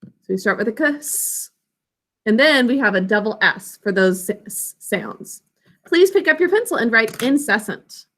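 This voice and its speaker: High, bright-voiced woman teaching phonics. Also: animated. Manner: slow, drawn-out enunciation of words and sounds; call-and-response prompting. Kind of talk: phonics and spelling lesson.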